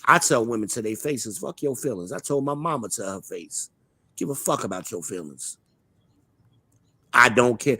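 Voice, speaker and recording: A man's voice: mid-range voice, expressive, moderate pace, pushed and bright, husky. A man with a mid-range voice hosts a live online talk show, and his delivery is blunt, profane and swaggering. The sound is close and dry, with almost no room echo. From Charlotte, United States. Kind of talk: casual opinionated chat.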